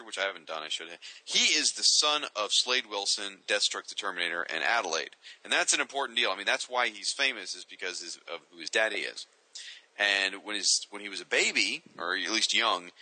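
A man's voice: lowish voice, pushed and bright, dry recording, rough recording. A man co-hosting a casual comics chat, opinionated and ranting. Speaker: co-host.

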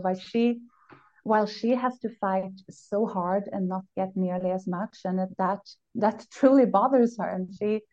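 A woman co-hosts a casual chat and thinks out loud in a reflective, analytical way. She pauses and restarts as she works through her points. Her voice comes through a dull, lo-fi recording. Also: medium pitch. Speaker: podcast co-host.

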